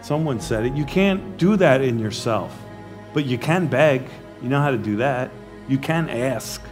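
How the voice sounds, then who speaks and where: Male preacher, sermon, earnest, pleading, emotional delivery, mid-pitched voice, faint music underneath. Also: expressive, a little slow, darkish tone.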